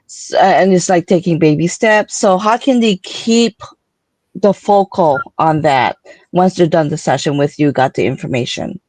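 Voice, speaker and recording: A woman interviewer poses her questions haltingly, stopping and starting. Her voice is fairly low and the sound is dry and close. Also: darkish tone, no echo.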